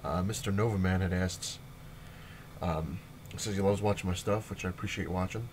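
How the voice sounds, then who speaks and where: Low-voiced man rambling through a comic vlog. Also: steady tone, normal speed, slight background noise. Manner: rambling, filler-heavy retelling with laughs. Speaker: comic book vlogger. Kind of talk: casual comic review vlog.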